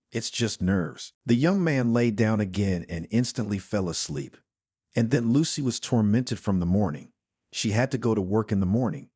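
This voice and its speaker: Low husky guy reading a family story, bouncy lively delivery, dry close sound. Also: no echo. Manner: reads every character in one lightly varied voice. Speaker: narrator. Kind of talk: scripted story narration.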